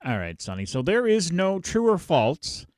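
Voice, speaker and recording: Animated man reading funny headlines. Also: on the high side, normal speed, no room sound, studio quality. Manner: animated, laughs while reading. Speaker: podcast host. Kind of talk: casual podcast chat, reading headlines.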